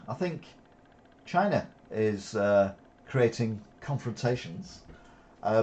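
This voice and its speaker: A man's voice: mid-range voice, darkish tone. A man with a Wigan accent hosting an alternative news show, reading headlines and adding sarcastic asides with frequent fillers. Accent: Wigan, Lancashire. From Wigan, England. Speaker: news commentary host. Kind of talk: reading headlines with off-the-cuff commentary.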